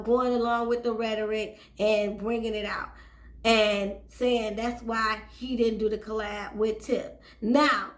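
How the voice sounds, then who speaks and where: A woman's voice: sits high, a bit bright. A woman hosting a celebrity gossip channel, casually reading out a news story and giving her opinions, sometimes stumbling over the words. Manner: chatty, opinionated, stumbles while reading aloud. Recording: echoey room.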